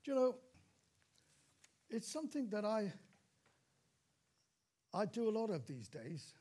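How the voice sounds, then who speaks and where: An older man preaching with a high, ringing voice. He tells the story with dramatic repeats and breaks into calls of praise as he goes. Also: sing-song, unhurried, mellow, husky. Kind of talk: sermon.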